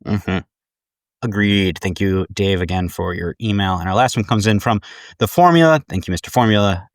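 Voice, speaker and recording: Low voiced guy co-hosting a podcast, lots of uhs and restarts, dry close sound. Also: moderate pace, no echo. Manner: hesitant, many fillers and restarts. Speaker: podcast co-host. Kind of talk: casual chat.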